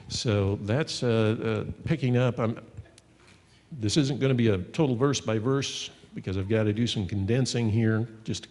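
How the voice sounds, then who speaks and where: A man with a low voice preaches in a church hall with a long reverb. He teaches in an earnest, conversational way and reads scripture aloud. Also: darkish tone. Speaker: pastor. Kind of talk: sermon teaching.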